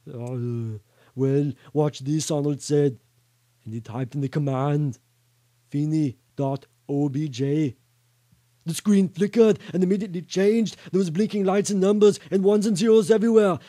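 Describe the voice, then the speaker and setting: A man putting on a bragging Austrian-accented action hero, stammering and ad-libbing, mellow and fairly high, dry sound. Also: no room sound, lightly acted. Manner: halting, full of stammered fillers and ad-libs. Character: boastful male action-star bodybuilder, excitable and rambling. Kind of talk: comic impression reading a novel aloud.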